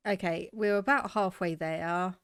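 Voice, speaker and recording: A woman's voice: on the low side, fairly even intonation, a little slow, fairly bright tone, clear, resonant tone, no echo. A young British woman chatting casually with her live viewers while loading a game, laughing often and thinking aloud. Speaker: game streamer. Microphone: desk microphone.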